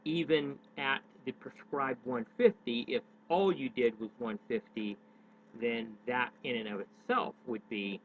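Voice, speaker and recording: A man's voice: medium pitch, measured pace. A man talks unhurriedly through advice for his daily vlog, drifting and correcting himself as he searches for words. The sound is thin and tinny, like a phone line, with a faint hiss of noise underneath. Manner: rambling, self-correcting, many hesitations. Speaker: daily vlogger. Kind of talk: unscripted talk on public speaking.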